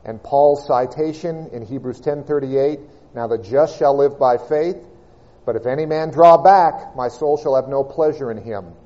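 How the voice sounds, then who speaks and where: A man preaching a sermon, reading and expounding scripture with measured, emphatic delivery and slowed key words. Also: medium pitch, mellow, lo-fi sound.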